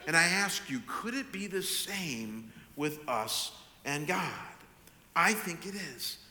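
An older man preaches in a big church hall, his voice bright and ringing, a touch higher than most men's. He tells stories with frequent restarts and repeated little words. Long reverb trails behind every phrase. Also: sing-song, slow pace. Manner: storytelling with many restarts. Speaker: pastor. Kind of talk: sermon.

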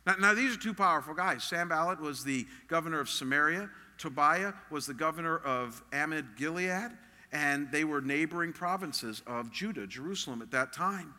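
A man's voice: on the high side, moderate pace, pushed and bright, big-room sound. A man preaching a sermon as a pastor, earnest and emphatic in a conversational way.

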